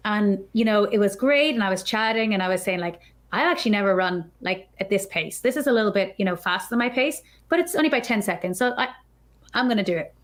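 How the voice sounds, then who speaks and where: A woman guest on a podcast, telling a story in a chatty, animated way and acting out her own thoughts. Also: medium pitch, fast. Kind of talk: casual storytelling.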